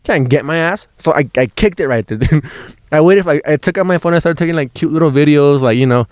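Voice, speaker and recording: A man's voice: a little high, fast talker, a little mellow, clean tone, dry recording, studio quality. A man, a stand-up comedian on a road trip, telling a rambling story in a casual, profane way, often restarting his words and laughing as he goes.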